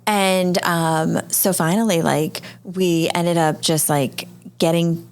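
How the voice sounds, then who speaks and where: A woman's voice: on the low side, steady tone, takes it slowly, smooth. A woman hosting a podcast interview, telling stories in a chatty, casual way with lots of "like" fillers. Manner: chatty storytelling, heavy use of "like" fillers. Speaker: podcast host.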